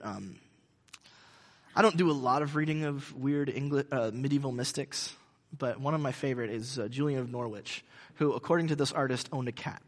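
A male pastor giving a conversational sermon, halting with frequent restarts. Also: mid-range voice, long reverb tail.

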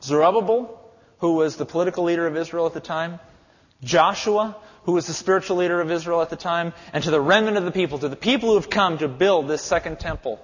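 A man's voice: a little high, fast, husky. A male pastor preaching a sermon in a church, with an emphatic, repetitive cadence. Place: church sanctuary. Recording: echoey hall, dull lo-fi sound.

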